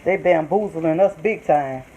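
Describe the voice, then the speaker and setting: A woman's voice: low-pitched, unhurried, muffled recording. An older woman, chatting to viewers in a casual cooking tutorial from her home kitchen. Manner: chatty, talks straight to viewers as y'all. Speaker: cooking vlogger. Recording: home kitchen with loud frying noise. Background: sizzling pan and stirring.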